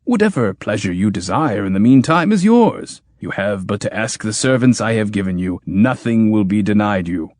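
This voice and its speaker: A man voicing a grim, booming tyrant king. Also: lively intonation, moderate pace, few pauses, a little mellow, dry recording, studio quality, close to an everyday voice. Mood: menacing, grim. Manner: booming, menacing, laughs like thunder. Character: grim, exacting male tyrant king who hunts.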